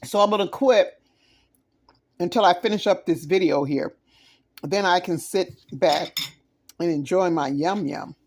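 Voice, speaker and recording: A woman's voice: fairly low pitch, unhurried, long pauses, a little mellow. A woman with a Southern US accent, hosting a casual cooking vlog, gushing and exclamatory as she tastes food on a phone camera and chats with viewers. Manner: talks while eating. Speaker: home cook, channel host.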